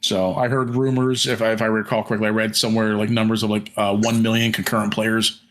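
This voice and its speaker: A man's voice: lowish voice, flat delivery, fast. A man co-hosting a podcast in casual chat, rambling with many fillers and restarts and some casual swearing. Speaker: podcast co-host.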